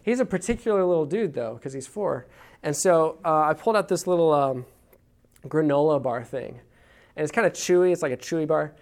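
Man telling a lively parenting story. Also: on the high side, fairly quick. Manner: animated storyteller, acts out his own quotes with laughs. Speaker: speaker on parenting. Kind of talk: anecdotal teaching talk.

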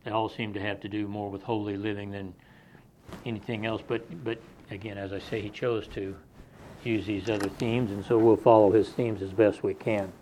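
In a dull, lo-fi sermon recording with slight background noise, a man preaches an expository sermon. His voice is fairly low, mellow and flat, moving at a moderate pace as he reads scripture aloud and explains it in plain, conversational terms.

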